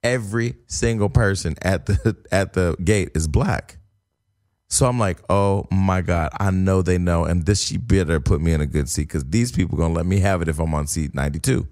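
A man's voice: low voice, moderate pace. A man, casually telling a long funny story on a podcast and acting out the voices of the people in it. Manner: animated, acts out quoted voices, laughs while telling.

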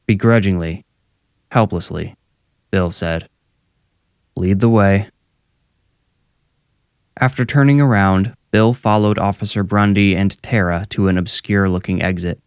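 Low voiced guy reading a creepy story, steady, dry close sound. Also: normal speed, clear, resonant tone, dry recording. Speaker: narrator. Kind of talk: scripted horror story narration.

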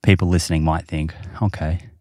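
A man's voice: very deep voice, steady tone, normal speed, darkish tone, no room sound, clean studio sound. A man hosting a podcast, explaining research casually with many fillers. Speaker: podcast host. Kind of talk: casual chat.

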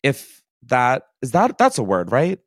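A man's voice: medium pitch, wildly swooping pitch, measured pace, dry recording. Man, podcast host, casual swearing chat, dry close sound. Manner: emotional, giggly, swears casually. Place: basement.

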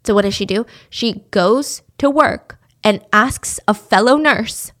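A woman's voice: on the high side, measured pace, fairly bright tone. Chatty, sarcastic young woman storyteller. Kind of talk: casual true-crime storytelling.

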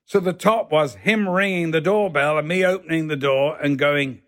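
An older man, a guest on a podcast, telling lively stories and acting out the voices in them. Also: a little high, normal speed. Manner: animated, laughing, acts out voices. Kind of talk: anecdotal storytelling.

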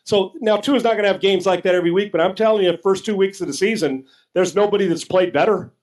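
A man's voice: high voice, fast, a little mellow, poor audio. A man co-hosting a sports talk show, arguing emphatically and casually with some profanity, often repeating words as he starts a sentence.

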